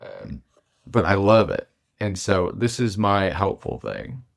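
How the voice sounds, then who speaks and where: Low, gravelly-voiced man from Arkansas. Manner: relaxed, halting, with many ums and uhs. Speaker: author, guest. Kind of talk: conversational chat, then reading his own essay aloud.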